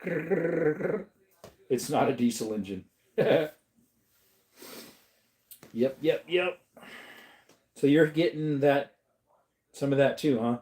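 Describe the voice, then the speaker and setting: Speaking slowly with long pauses, the middle-aged Arizona host has a medium-pitched, darkish voice as he answers viewers in a laid-back livestream. Tired and drawling, he now and then lapses into joke voices.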